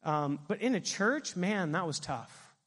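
A middle-aged man preaching a sermon as pastor, animated and asking his congregation questions. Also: high-pitched, unhurried, in a large hall.

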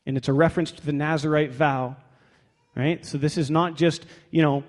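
A man's voice: a little high, fairly even intonation, moderate pace. A man pastor preaching a sermon in a conversational, wry way, reading scripture aloud in a church. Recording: long hall reverb.

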